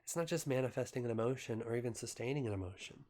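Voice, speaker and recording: A man casually reading a novel aloud as an amateur, relaxed and unpolished, pausing at times to recap the story in his own words. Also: medium pitch. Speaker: amateur reader.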